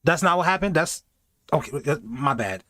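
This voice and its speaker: Animated man riffing in reaction commentary. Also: fairly high pitch, moderate pace, dry recording. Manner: animated, jokey, does mocking voices. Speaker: reaction video host.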